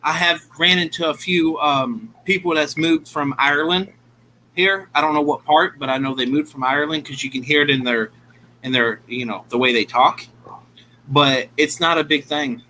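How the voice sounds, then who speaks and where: Bright-voiced man with a Southern US accent. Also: fairly high pitch, moderate pace, a little hiss or hum, poor audio. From Ohio, US. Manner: blunt, swears casually. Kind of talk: casual chat on a livestream.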